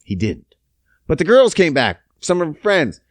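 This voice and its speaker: A man in his thirties from Canada telling a story on his podcast, swearing often and swinging between loud outbursts and low mutters. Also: wildly swooping pitch, normal speed, dry recording, clean studio sound. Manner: profane, emphatic, big pitch swings. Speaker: podcast host. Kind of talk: casual storytelling monologue.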